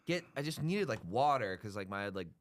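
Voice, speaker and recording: A man's voice: fairly low pitch, very animated, fast talker. A man chatting casually on a podcast in a laid-back way, with loose phrasing and many filler words. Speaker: podcast guest. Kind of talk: casual chat.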